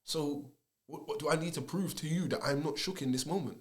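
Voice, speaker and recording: A man's voice: fairly high pitch, brisk. A man in a casual podcast conversation, reasoning aloud earnestly in street slang. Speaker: podcast speaker.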